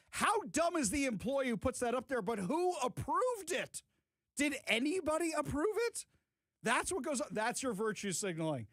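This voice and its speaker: A man's voice: very high voice, sing-song, moderate pace, a bit bright, dry recording. A man hosting a talk radio show, mocking and emphatic as he gives his opinions.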